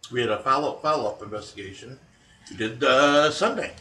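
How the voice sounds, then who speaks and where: Halting man in an echoey room. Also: mid-range voice, pushed and bright, recorded from a distance, a little hiss or hum. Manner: halting, with many fillers and restarts. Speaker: paranormal investigator, podcast co-host. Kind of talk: casual chat.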